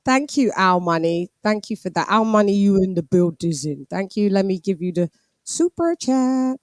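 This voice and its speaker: A woman's voice: medium pitch, expressive, normal speed, darkish tone. A British woman in her forties hosting a boxing live stream, chatting casually and laughing while reading out viewer messages. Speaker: boxing show host.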